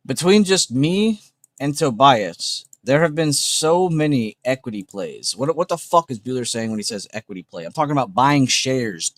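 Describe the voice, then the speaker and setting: A man's voice: mid-range voice, no echo. A man hosting a trading livestream, talking in a blunt, emphatic, unscripted way, swearing often and repeating points.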